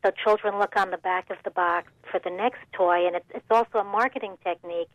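A woman's voice: medium pitch, fairly even intonation, brisk, dry recording, low-quality recording. A woman professor, a guest on a radio show, explaining her research earnestly. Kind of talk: radio interview.

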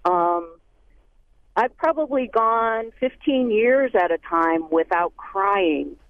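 A caller on a radio show speaking hesitantly and earnestly, with many fillers. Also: male voice, sits high, animated, takes it slowly, no room sound. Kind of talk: call-in radio question. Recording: tinny phone line.

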